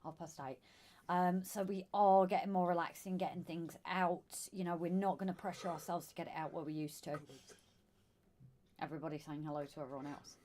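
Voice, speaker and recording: A woman with a Southern English accent co-hosting a casual live stream, greeting viewers by name and calling them darling. Her voice is going hoarse. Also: lowish voice, steady tone, a little fast, darkish tone, a little hiss or hum. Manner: chatty, calls viewers darling and sweetheart. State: losing her voice. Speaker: live stream co-host reading chat.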